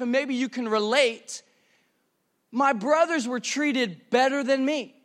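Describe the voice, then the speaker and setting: A man's voice: extremely high pitch, fairly bright tone. A young man preaching a sermon in a church, casual and slangy, often repeating words as he starts a sentence.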